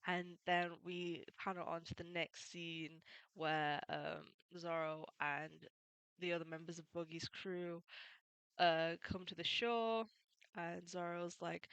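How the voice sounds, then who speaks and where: A woman's voice: lowish voice, pushed and bright, smooth, no echo, low-quality recording. Chatty, laughing young woman recapping. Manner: chatty, laughs often, many fillers. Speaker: video creator summarizing a manga. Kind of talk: casual spoken summary.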